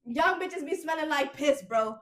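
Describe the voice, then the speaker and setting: A woman's voice: sits high, animated, moderate pace, fairly bright tone. Blunt, profane woman with AAVE speech. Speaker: podcast host. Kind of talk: casual chat.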